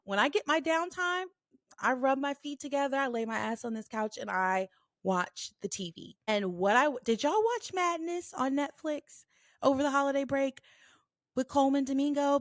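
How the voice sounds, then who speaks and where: A woman in her thirties hosting a casual solo podcast, telling stories in an animated, blunt way with plenty of swearing. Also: a little high, no echo, studio quality. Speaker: podcast host.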